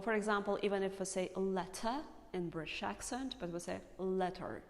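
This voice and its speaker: A woman English teacher explaining pronunciation to learners, speaking slowly and carefully and repeating example words. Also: lowish voice, in a large hall.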